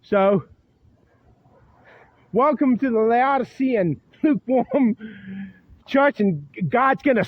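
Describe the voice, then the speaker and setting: Standing by a church at night, a man in his fifties who vlogs vents to the camera, profane, bitter, and repetitive. He speaks slowly in a very high, expressive voice with frequent pauses, and the recording is dry and dull.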